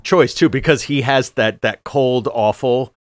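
A man's voice: mid-range voice, measured pace, no room sound, clean studio sound. A middle-aged man co-hosting a podcast, chatting casually and restarting his sentences often with many fillers. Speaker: podcast co-host. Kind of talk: casual chat.

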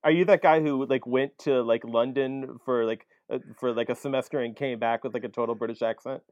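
A man's voice: mid-range voice, steady tone, fairly quick, a little mellow, no room sound, highs cut off. A man with a reedy voice and a Midwestern accent, co-hosting a podcast in a playful, teasing way. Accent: Midwestern American. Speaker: podcast co-host. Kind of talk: casual podcast chat.

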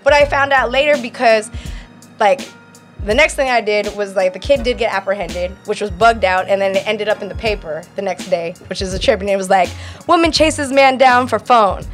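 A woman's voice: medium pitch, a little fast, faint music behind. A woman in casual chat, telling a story with lots of laughter and cursing. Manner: animated storytelling, frequent laughter, profanity.

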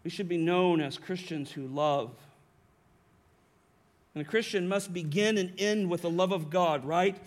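A pastor preaching a sermon to his congregation, emphatic, often tagging lines with a rhetorical "right?" and slowing down on key phrases. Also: high-pitched. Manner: varies pace and volume, slowing on key phrases. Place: church sanctuary.

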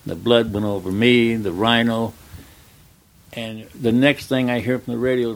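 Older male storyteller, lowish voice, unhurried anecdote with quoted dialogue. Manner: relaxed, plain-spoken anecdote telling with quoted dialogue. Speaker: retired stuntman guest. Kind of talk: storytelling in an interview.

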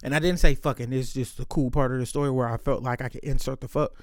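A man's voice: mid-range voice, fairly even intonation, fast, no echo, studio quality. A man telling stories in a casual monologue, talking candidly and swearing freely as he goes. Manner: candid, profane, and loose, with frequent swearing.

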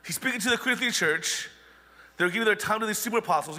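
Casting: high-pitched male pastor, conversational sermon, reverberant church hall. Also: expressive, quick pace, pushed and bright. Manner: conversational preaching with wry asides.

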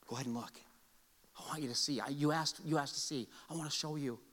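A pastor quietly putting on a soft-spoken, patient man who coaxes his listener, speaking low and hushed in a bright voice. The voice rings with the long reverb of a big church hall. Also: lively intonation, moderate pace. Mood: gentle. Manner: soft, coaxing, gentle. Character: gentle patient man, a caring teacher.

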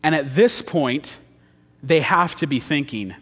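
A male pastor preaching a sermon, swinging from loud emphasis to hushed intensity. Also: a little high, unhurried, husky. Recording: long church hall reverb.

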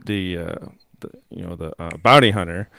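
A man's voice: low-pitched, normal speed, gravelly, pushed and bright, no echo. A man co-hosting a podcast in casual chat, rambling with many fillers and restarts and laughing often. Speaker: podcast co-host.

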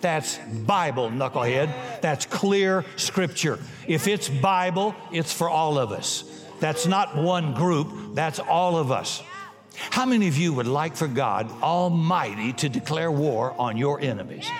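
Male preacher, folksy and punchy, fairly high voice, long reverb of a large hall. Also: expressive, a little slow, over music. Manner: folksy, punchy, breaks into shouts and jokes. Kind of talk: sermon.

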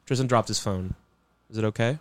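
A man co-hosting a podcast, tossing out quick one-liners in casual chat. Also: fairly low pitch. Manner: quippy, throws in odd one-liners. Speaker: podcast co-host.

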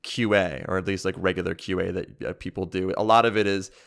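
A man's voice: low-pitched, fairly even intonation, fast talker, gravelly, fairly bright tone. A man hosting a podcast interview, asking long, rambling, chatty questions. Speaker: podcast host. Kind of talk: casual interview.

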